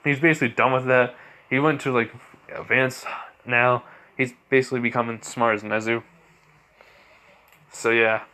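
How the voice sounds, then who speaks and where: A man's voice: medium pitch, steady tone, moderate pace, pauses often, bright, forceful tone, smooth. A man improvising a fan story aloud, rambling and full of fillers and restarts.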